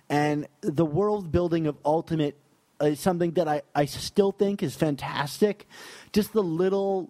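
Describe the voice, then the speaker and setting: A chatty, enthusiastic man from New York, trading thoughts on comics with his podcast co-host. His voice sits a little high for a man. It sounds close and dry, with almost no room around it. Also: warm tone, no room sound. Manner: enthusiastic, laughs easily, many fillers. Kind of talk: casual comics discussion.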